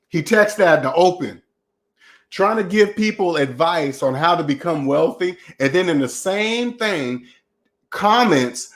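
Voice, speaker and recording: Guy ranting on his stream, kinda high voice, mocking and preachy, still got a bit of a cold. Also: animated, measured pace, fairly bright tone. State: getting over a cold. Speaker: channel host. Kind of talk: livestream rant reading chat.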